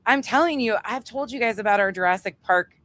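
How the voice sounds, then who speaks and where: Woman, livestream co-host, laughing, swearing, excitable, outdoors. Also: fairly high pitch, brisk. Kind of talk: casual livestream chat. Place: outdoors at home.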